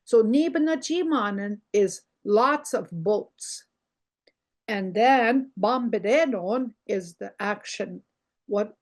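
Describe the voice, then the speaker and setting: An older woman teaching a language lesson over a video call, slow and patient, repeating words for her learners. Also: mid-range voice, darkish tone.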